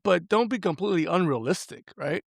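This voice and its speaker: A man in his forties speaks as a guest on a podcast, earnest and animated. His voice sits on the higher side for a man. The sound is dry and close, with no room around it. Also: fairly quick, vocal fry, no echo. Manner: earnest, animated, lots of "like" and "right?". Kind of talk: casual conversation.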